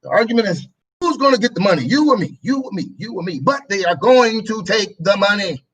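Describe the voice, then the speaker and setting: A man's voice: high voice, expressive, brisk, fairly bright tone, husky, rough recording. A male talk show host delivering a preachy political commentary monologue, repeating his phrases and acting out both sides of an argument.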